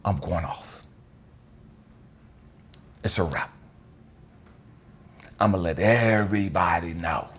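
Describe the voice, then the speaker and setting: A man giving an impassioned, profane motivational monologue, swinging between hushed whispers and raised outbursts. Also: low voice, slow, long pauses. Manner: profane, blunt street talk. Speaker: motivational speaker.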